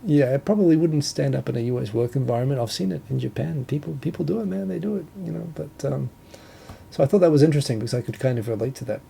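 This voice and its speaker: A man's voice: medium pitch, quick pace, gravelly, warm tone, slight background noise. A man from New Zealand with a New Zealand accent, hosting a casual solo talk show and rambling with self-corrections and chuckles. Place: home, Tokyo.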